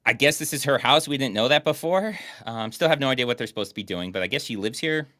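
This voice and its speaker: A young man riffs on a terrible film with mocking sarcasm. His pitch bounces all over, his tone is bright, and the room sound is dry and close. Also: lively intonation, fast, no echo. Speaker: co-host reviewing a bad movie. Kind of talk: casual comedic commentary.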